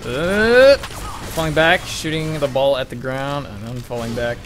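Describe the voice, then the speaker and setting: Young guy rambling over gameplay, swears a bunch, gets excited, faint hiss behind him. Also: medium pitch, normal speed. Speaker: game commentator. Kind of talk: casual gameplay commentary.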